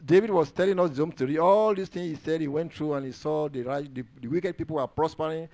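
A man preaching a sermon, quoting and reading scripture, moving between hushed low asides and loud raised declarations and drawing out words for stress. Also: a little fast.

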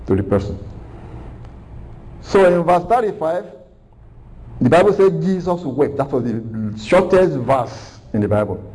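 A man's voice: medium pitch, sing-song, moderate pace, mellow, low-quality recording. A man preaching a sermon, earnest and repeating phrases for emphasis.

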